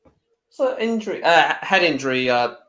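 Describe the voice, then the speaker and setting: A man's voice: on the high side, moderate pace. A man appearing as a guest on a live football stream, chatting casually and hesitating as he searches for words. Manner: relaxed, chatty, hesitant with fillers. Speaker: guest co-commentator.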